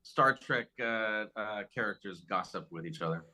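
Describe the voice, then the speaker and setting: Bright, playful male podcast guest who trips over his words. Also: lowish voice. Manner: playful, gossipy, halting. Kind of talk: casual podcast chat.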